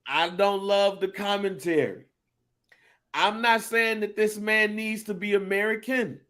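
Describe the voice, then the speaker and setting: A man co-hosting a casual podcast, talking in an animated, emphatic and profane way. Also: sits high, a little slow. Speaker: podcast co-host.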